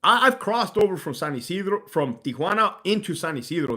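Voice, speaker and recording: Man, livestream host, casual chat, swearing, laughing, slightly high voice. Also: very animated, fairly quick, bright, forceful tone. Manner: profane, laughing, reading chat aloud.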